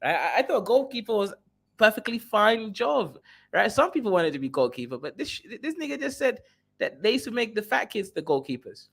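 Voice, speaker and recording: A man hosting a livestream, giving sarcastic, animated reaction commentary. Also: high-pitched, a little fast, vocal fry, slightly rough. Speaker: livestream host.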